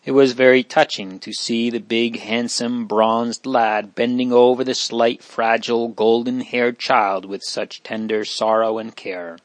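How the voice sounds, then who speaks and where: A man reading a classic children's novel aloud in a measured, gentle storytelling manner. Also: medium pitch, steady tone, no room sound. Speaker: narrator.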